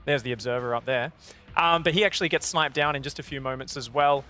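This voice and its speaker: A man's voice: mid-range voice, fast talker, bright, forceful tone, soft background music. A man with an Australian accent, an esports analyst walking through game replays at an analysis desk. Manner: explanatory, walks through replay.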